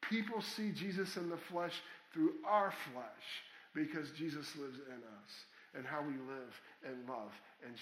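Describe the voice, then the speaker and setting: A man's voice: medium pitch, roomy sound, poor audio. A man, a pastor, earnestly telling a true story in a sermon, with small restarts.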